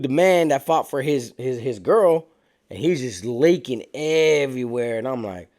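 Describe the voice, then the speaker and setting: Telling a story about life in prison, a man talks casually in street slang and animates it by voicing other people's lines. His voice sits a little high with a darkish tone.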